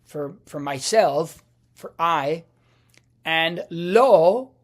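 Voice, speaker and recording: Man teaching over slides, slow unhurried delivery, halting, lots of uh fillers, restarts. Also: on the high side. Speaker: Italian teacher. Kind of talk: slide-based language lesson.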